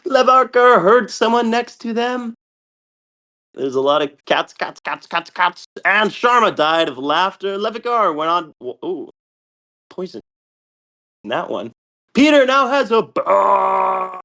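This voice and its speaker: Brief: young male host, animated play-by-play game commentary, slightly high voice, very lively pitch swings, stumbles on restarts. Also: a little slow. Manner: excitable, shouts and laughs often. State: a bit out of breath.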